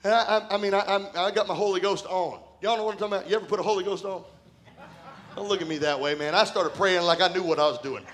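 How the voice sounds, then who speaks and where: A man with a notably high-pitched voice preaches to his congregation in a church. He tells stories from his own ministry in an easy, conversational way. Now and then he breaks into shouts and laughter. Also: fast talker. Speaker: pastor. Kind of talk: sermon with personal stories. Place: church sanctuary.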